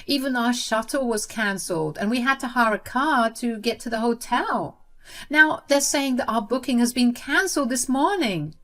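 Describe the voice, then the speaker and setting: A woman voicing an entitled, panicky sister-in-law with a high, shrill voice in a read-aloud story. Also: animated, normal speed, bright, forceful tone. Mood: panicked.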